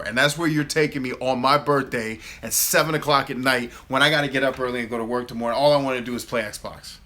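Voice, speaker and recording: A man in his thirties hosting a live Q&A, telling a casual story in an animated way and acting out his own replies. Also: mid-range voice, fast, few pauses. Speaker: host of a live Q&A.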